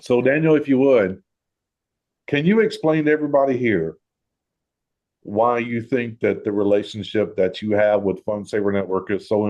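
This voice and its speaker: A man's voice: lowish voice, muffled recording. A man hosting a group talk, telling a personal story and acting out the quoted voices. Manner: animated, acts out quoted voices. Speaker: host.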